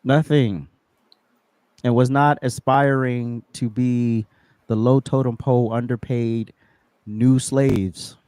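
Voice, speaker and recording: A man's voice: mid-range voice, fairly even intonation, takes it slowly, warm tone, smooth, dry recording. A man co-hosting a podcast, talking bluntly and chiming in with short affirmations. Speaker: podcast co-host. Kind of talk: casual opinionated chat.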